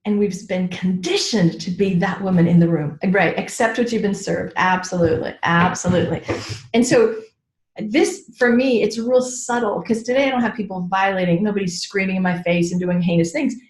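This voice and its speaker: A woman's voice: medium pitch, moderate pace. A middle-aged woman mentoring a group on a training call, talking in a frank, chatty way with lots of "like"s and "right?" check-ins. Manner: frank, with mild swearing. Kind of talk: teaching a group call, casual and personal. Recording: roomy echo.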